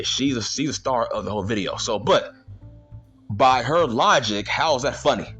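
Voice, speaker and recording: A man's voice: mid-range voice, fairly bright tone, husky. A man ranting in a vlog, indignant and slangy, firing the same rhetorical questions again and again. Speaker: vlogger.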